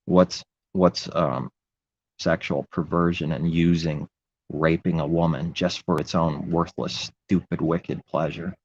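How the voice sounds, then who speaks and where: A man's voice: deep voice, steady tone, measured pace, lo-fi sound, slight background noise. A man preaching in an impassioned, rambling religious monologue, repeating his phrases.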